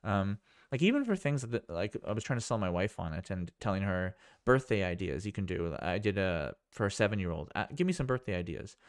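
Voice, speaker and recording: A man's voice: low voice, lively intonation, fairly quick, smooth, dry recording, clean studio sound. A man vlogging a casual screen demo, rambling and thinking aloud with amazement. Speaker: tech vlogger.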